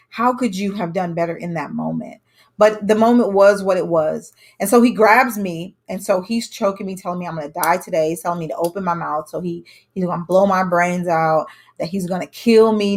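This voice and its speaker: A woman in young adulthood speaks straight to the camera, telling her own story in a candid, conversational way. Her voice sits at an ordinary middle pitch. When she repeats other people's words, she acts them out with emphasis.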